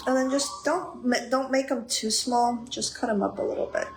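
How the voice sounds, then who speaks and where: A woman with a fairly high, fairly even voice talks at a moderate pace while hosting a casual livestream from her home kitchen. She chats as she cooks and greets viewers by name. The room is echoey, with clear background noise.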